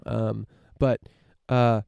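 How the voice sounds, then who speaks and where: Gravelly, low-voiced man ranting casually. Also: level tone, very slow, dark tone, no room sound, muffled recording. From United States. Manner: rambling, many fillers and restarts, swears casually. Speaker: podcast host. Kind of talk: casual opinion monologue.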